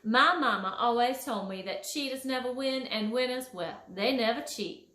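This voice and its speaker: Woman playing a Southern-drawling manners fairy, sugary and prim, high voice, echoey room. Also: moderate pace. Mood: sweet scolding. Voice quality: honeyed, gently scolding, calls kids pet names. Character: sweet, prim female fairy who teaches manners.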